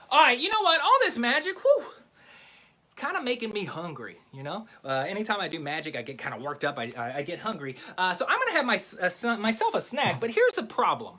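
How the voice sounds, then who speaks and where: A playful man hosting a kids' magic show, his voice bright and bouncing all over the place. He clowns around and teases himself while chatting directly with young viewers. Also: high voice. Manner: goofy, playful, self-mocking, addresses kids directly. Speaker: children's magician.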